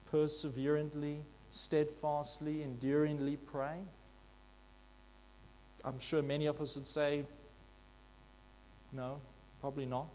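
Male preacher, slightly high voice, emphatic and repetitive; hall reverb with faint hum. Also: darkish tone. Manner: emphatic, repeating key phrases. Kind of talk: sermon.

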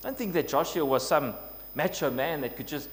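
A man's voice: on the high side, moderate pace. Earnest male preacher in a reverberant hall. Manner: earnest, builds to emphatic quoting of scripture. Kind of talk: sermon. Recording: long reverb, faint noise with hum.

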